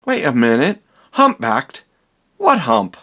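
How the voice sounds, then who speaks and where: A man doing a gruff hunchbacked servant. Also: wildly swooping pitch, slow, pushed and bright, full character voice. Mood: cheeky. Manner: low, gruff, wisecracking. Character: bug-eyed hunchbacked male servant, cheeky.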